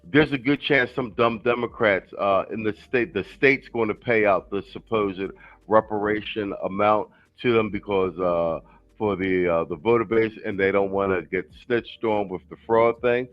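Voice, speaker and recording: A man's voice: fairly low pitch, normal speed, muffled recording. A man hosting a live panel show, ranting heatedly and with profanity. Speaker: host.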